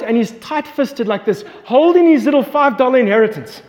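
High-voiced pastor in a reverberant hall. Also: male voice, a little fast, few pauses, muffled recording. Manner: animated storyteller, voice climbing when excited. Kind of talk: sermon with personal anecdote. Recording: long reverb from a large hall.

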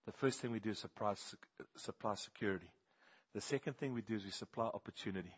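A man preaching a sermon, firing questions at the congregation and swinging between hushed and loud passages. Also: lowish voice, fast talker, husky, muffled recording.

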